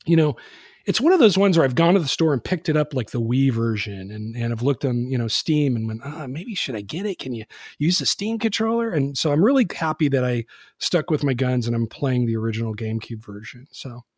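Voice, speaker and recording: This man hosts a podcast in a casual, rambling style packed with fillers. His medium-pitched voice is a little mellow and fairly quick, recorded at studio quality with no room sound.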